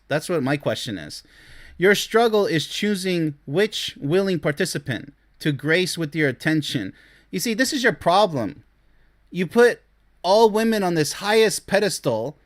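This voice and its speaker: A man giving blunt, scornful reaction commentary on dating posts as a relationship commentator, lecturing his listeners. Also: fairly high pitch.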